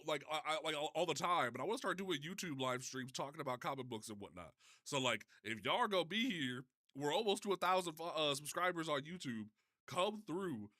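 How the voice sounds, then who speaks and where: His voice a little high, pushed, and bright, a young livestreamer gets flustered fixing his chat setup on a casual stream. He swears and restarts often.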